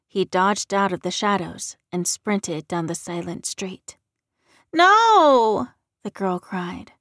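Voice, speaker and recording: Slow, measured woman narrating an audiobook. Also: lowish voice, no echo, studio quality. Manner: calm, measured storytelling.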